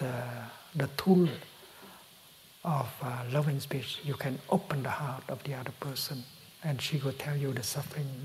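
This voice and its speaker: Gentle breathy old monk, Vietnamese accent. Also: male voice, mid-range voice, a little hiss or hum, low-quality recording. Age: 80s. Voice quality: breathy, often slipping to a whisper. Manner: gentle, soft-spoken, unhurried with frequent pauses. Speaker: Buddhist monk teacher. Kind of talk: dharma talk answering a question.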